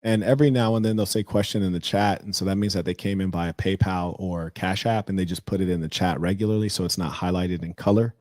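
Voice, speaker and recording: A man's voice: low voice, steady tone, fast, hardly any pauses, a little mellow, dry recording. Guy doing a chill livestream, slangy and joking around, dry close sound. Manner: loose, slangy, mocking asides. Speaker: livestream host. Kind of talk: casual livestream commentary.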